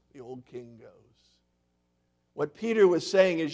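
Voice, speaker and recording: Animated preaching man in a sanctuary. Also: fairly high pitch, unhurried, pauses often. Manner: animated preaching, quizzing the congregation, swings from loud to hushed. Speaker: pastor. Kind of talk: sermon. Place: church sanctuary.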